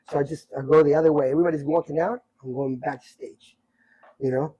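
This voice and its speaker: A middle-aged man telling stories from his life in a casual chat, animated and repeating himself as he acts out what people said. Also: a little high, fast, slightly rough, rough recording. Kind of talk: casual storytelling.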